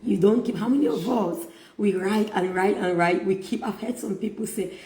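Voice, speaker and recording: Slow, emphatic woman in an echoey room. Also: mid-range voice, dark tone. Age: middle-aged. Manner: slow, emphatic, preacherly repetition. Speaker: motivational speaker. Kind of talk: faith-based self-help talk.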